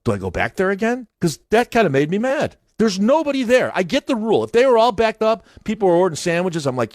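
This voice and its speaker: A man's voice: high voice, very animated, fast talker, hardly any pauses, a little mellow, dry recording, clean studio sound. A man hosting a morning radio show, telling a long rambling story in casual banter with his co-hosts. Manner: rambling storyteller with lots of restarts. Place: radio studio. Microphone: studio mic.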